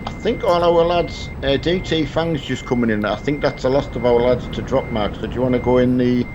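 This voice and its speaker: A man's voice: mid-range voice, fairly quick, noisy background. A middle-aged man chatting casually on a live stream of a truck game with his son, rambling and hesitant with many fillers and restarts. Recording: dull lo-fi stream audio.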